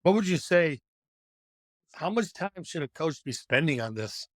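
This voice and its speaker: Casual male podcast host, slightly high. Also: lively intonation, a little slow, no room sound. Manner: loose, filler-heavy questioning. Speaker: podcast host, coach trainer.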